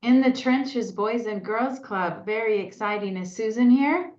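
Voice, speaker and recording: A woman's voice: on the high side, unhurried, darkish tone. A woman chairing a county task force meeting, opening it in a chatty, upbeat, self-deprecating way. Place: meeting room. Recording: echoey lo-fi meeting audio.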